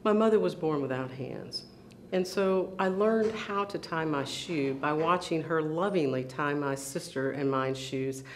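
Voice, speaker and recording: Brief: educator telling her own story onstage, earnest, deliberate pauses. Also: sits low, slight background noise. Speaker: school principal giving a talk. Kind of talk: personal storytelling talk.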